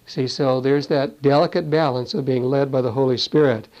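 A man's voice: mid-range voice, fairly even intonation, normal speed, darkish tone. A man teaching a Bible sermon in a conversational way, often adding "you see" and "you know.". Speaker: preacher. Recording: dull lo-fi recording.

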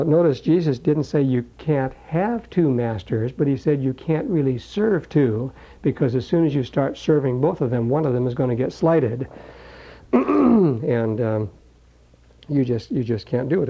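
A man preaching a sermon in a folksy, conversational way, slowing down to read scripture aloud. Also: medium pitch. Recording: dull lo-fi recording.

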